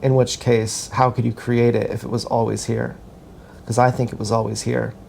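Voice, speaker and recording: A man talks to camera in a loose, wandering monologue, poking fun at himself and circling back on his own thoughts. His voice sits low and mellow with a gravelly fry running through it. He moves while he talks, dancing as he rambles. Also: level tone, normal speed, a little hiss or hum. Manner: meandering, self-mocking, thinks aloud with many restarts. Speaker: vlogger.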